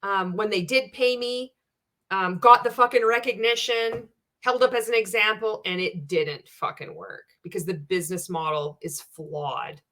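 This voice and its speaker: A woman's voice: mid-range voice, fairly even intonation, normal speed, a bit bright. A woman giving a sarcastic, profane reaction rant as a video commentator, blunt and scornful.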